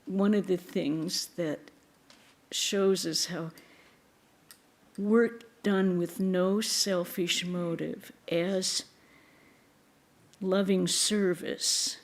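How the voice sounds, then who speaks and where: A woman giving a spiritual talk in a temple, telling stories gently, with soft laughs and quiet asides. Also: lowish voice, fairly even intonation, slow. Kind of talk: sermon.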